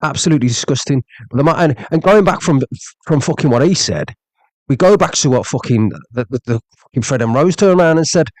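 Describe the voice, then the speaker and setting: A man's voice: on the high side, lively intonation, fairly quick, no echo. A man on a live stream, ranting angrily with lots of swearing, repeating himself and reading out viewer comments. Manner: angry, profane, repeats "you know what I mean".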